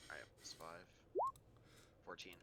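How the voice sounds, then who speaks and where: A man's voice: a little slow, background noise. A man playing a tabletop game, speaking in a laid-back, plain way. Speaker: player. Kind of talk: casual tabletop play.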